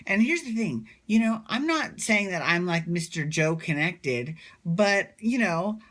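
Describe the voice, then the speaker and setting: A man's voice: high-pitched, lively intonation, unhurried, fairly bright tone. A man recapping a reality show in a casual, rambling, gossipy vlog, full of fillers and asides. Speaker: recap vlogger. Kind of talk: casual chat.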